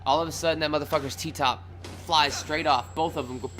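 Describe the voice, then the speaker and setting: A man's voice: a little high, steady tone, brisk, soft background music. Profane young man telling a wild story. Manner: loose and profane, acts out his own shouts. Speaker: vlogger telling a personal story. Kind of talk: casual storytelling vlog.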